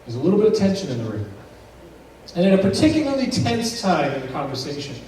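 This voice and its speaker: Preacher telling a story in an echoey church. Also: male voice, sits high, big pitch swings, fast talker, mellow, slight background noise. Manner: dramatic storyteller, acts out dialogue with rising intensity. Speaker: pastor. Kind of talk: sermon storytelling. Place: church sanctuary. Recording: echoey church heard from a distance.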